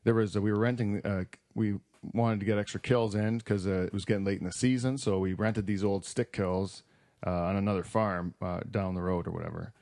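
A man's voice: on the low side, steady tone, a little fast, gravelly, a little mellow, no room sound, studio quality. A man hosting a casual podcast chat, rambling with lots of fillers, restarts and laughter. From Canada. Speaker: podcast host.

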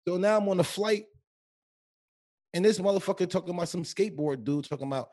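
A man co-hosting a podcast, telling street stories in casual chat with lots of cursing and animated retelling. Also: a little high, fast. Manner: profane, animated storytelling. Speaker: podcast co-host.

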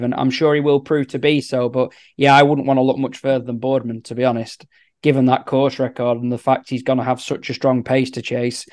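A man's voice: medium pitch, a little mellow, dry recording. A man from Britain with a dry, pedantic wit, analysing races on a tipping podcast. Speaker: racing tipster. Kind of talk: casual racing tips chat.

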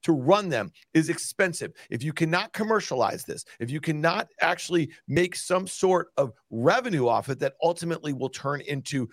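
A man's voice: a little high, animated, normal speed, few pauses, no echo, studio quality. A man making a blunt, insistent argument on a market panel show. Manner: blunt, insistent, repeats "listen" and "okay". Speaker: market analyst, show regular.

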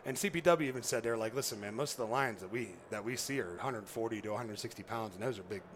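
A man races through a hunting story at a quick clip, his pitch sitting in the middle of the male range. He laughs often and bursts into the voices of the people he quotes. A soft hiss of room ambience sits under his voice. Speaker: guest, former pro football player. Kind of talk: animated storytelling.

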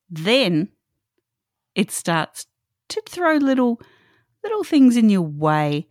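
A woman's voice: medium pitch, sing-song, slow, pauses often, dry recording, studio quality. A middle-aged woman hosting a solo podcast, earnest and emphatic, repeating her key points. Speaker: podcast host.

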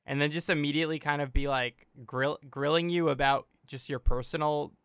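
A man's voice: a little high, steady tone, a little fast, a bit bright, smooth, no room sound, clean studio sound. A man hosting a casual podcast chat, reflecting on what he hears and thinking aloud.

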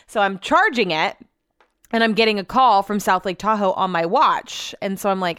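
A woman's voice: medium pitch, brisk, smooth, no room sound. Chatty young woman, dry close sound. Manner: rambling, swears casually, animated asides to her dogs. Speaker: vlogger. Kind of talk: casual chatty vlog.

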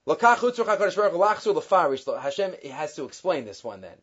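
A man giving a weekly Torah class, quickly reading Hebrew sources and explaining them in English with lively emphasis. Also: a little high, breathy edge, highs cut off. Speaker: Torah teacher.

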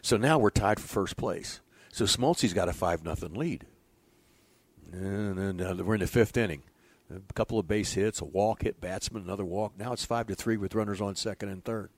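An older man, a former baseball pitching coach, telling stories in an animated, chuckling way in casual conversation. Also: normal speed, dry recording.

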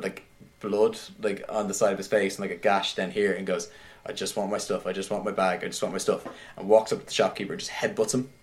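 A man in casual conversation, retelling a film scene by scene in an animated way, with many "like"s. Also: fairly low pitch. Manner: animated retelling, heavy use of "like". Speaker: podcast guest discussing films.

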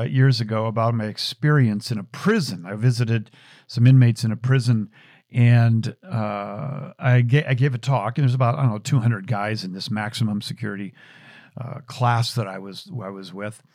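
A man's voice: medium pitch, steady tone, normal speed, darkish tone, dry recording, studio quality. A middle-aged man hosting a show, telling a personal story in an earnest, reflective way with frequent restarts. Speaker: show host.

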